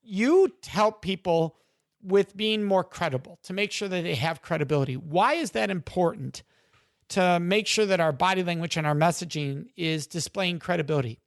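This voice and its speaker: A man hosting a podcast interview, asking questions with enthusiasm and warm appreciation. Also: high voice, moderate pace, dry recording, studio quality. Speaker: podcast host.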